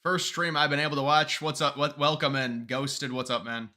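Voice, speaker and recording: A man with a very bright, sharp-edged voice hosts a live stream. He talks loosely with his viewers, greets them and answers their comments, and often trips over and restarts his sentences. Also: a little high, flat delivery, moderate pace. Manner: rambling, restarts sentences, reads chat aloud.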